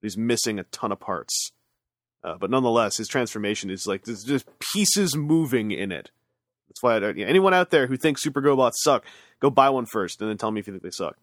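Relaxed chatty man, dry sound. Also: mid-range voice, brisk, dry recording. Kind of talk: casual chat about toys.

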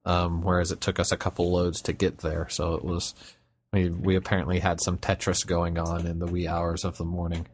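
Rambling low-voiced man chatting. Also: monotone, moderate pace, slight background noise. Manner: rambling, frequent restarts and fillers. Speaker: podcast co-host. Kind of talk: casual chat.

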